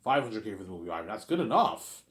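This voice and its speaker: A man's voice: fairly low pitch, big pitch swings, fast, a bit bright, echoey room. A man in a casual, rambling monologue, often repeating "you know what I'm saying". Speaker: vlogger.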